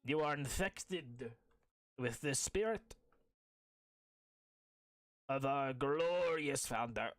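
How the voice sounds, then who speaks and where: A man doing a grave old revolutionary teacher who drags out every slow, heavy word. His weary sighs frame a dry, close voice. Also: medium pitch, animated, dry recording. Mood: solemn. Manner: solemn, sighing, weary.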